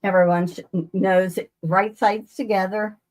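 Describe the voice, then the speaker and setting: Slow-talking woman hosting a quilting stream. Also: medium pitch, level tone, darkish tone. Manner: rambling, self-interrupting, greets viewers by name. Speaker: quilting livestream host. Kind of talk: casual live sewing demonstration. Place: home sewing room.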